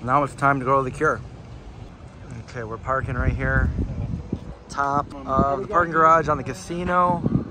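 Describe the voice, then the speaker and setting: Male vlogger, mid-pitched, excited, talks to a handheld camera with steady city noise behind. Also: normal speed, pauses often. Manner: excited, keeps pointing things out. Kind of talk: casual travel vlog narration. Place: out and about in a city, hotel, garage, arena. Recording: noisy on-the-go camera audio.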